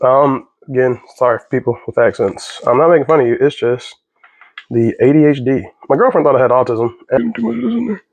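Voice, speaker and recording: A man's voice: medium pitch, brisk, muffled recording. Rambling, jokey man cooking at home. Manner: rambling, jokey, easily sidetracked. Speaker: vlogger. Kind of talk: casual cooking vlog. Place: home kitchen.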